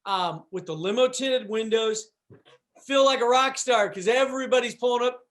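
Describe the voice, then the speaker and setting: A man with a high speaking voice tells a story as a guest on a talk show. He meanders through it, doubling back on his words and dropping in asides as he goes. His delivery is casual and conversational. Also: moderate pace. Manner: rambling, with restarts and "you know".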